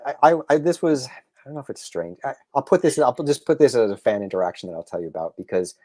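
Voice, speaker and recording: Male guest, comic writer, animated storyteller, average pitch, dry close recording. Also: quick pace, dry recording. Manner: animated storyteller, acts out quotes, frequent restarts. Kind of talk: casual podcast interview.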